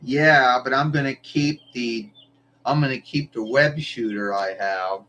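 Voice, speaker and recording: A man hosts his live stream in an easygoing, wandering monologue. His voice sits at an ordinary middle pitch, and he drops casual swears as he goes. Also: a little slow, bright, forceful tone, low-quality recording. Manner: meandering, loose, swears casually. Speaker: livestream host.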